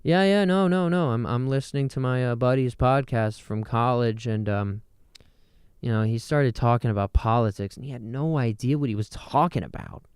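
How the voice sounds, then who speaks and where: A man's voice: mid-range voice, gravelly, clean tone, dry recording. A young adult man hosting a solo podcast, rambling and joking as he jumps from thought to thought, talking into a close mic. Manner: rambling, jokey, self-interrupting. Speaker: podcast host. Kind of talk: solo comedic podcast monologue.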